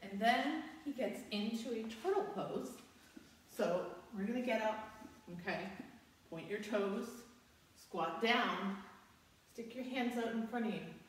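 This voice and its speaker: A woman leading a children's story-based yoga class at home, telling the tale gently and calling out poses. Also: a little high, a little hiss or hum. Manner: slow, gentle, storytelling with cues and sound effects. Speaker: kids yoga teacher. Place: room at home with a dog. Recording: echoey room from far off.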